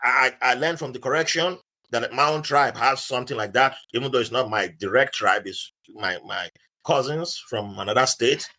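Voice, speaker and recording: A man's voice: medium pitch, normal speed. A man from Nigeria with a Nigerian accent, a podcast guest telling a story and acting out the people in it. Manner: animated, acts out the voices of people in his stories. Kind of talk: storytelling in casual podcast chat.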